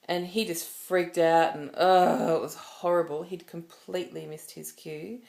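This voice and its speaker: A woman's voice: lowish voice, steady tone, measured pace, creaky, darkish tone. A woman talking to camera in a personal vlog, telling a story in a rambling, emotional way with many restarts. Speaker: vlogger.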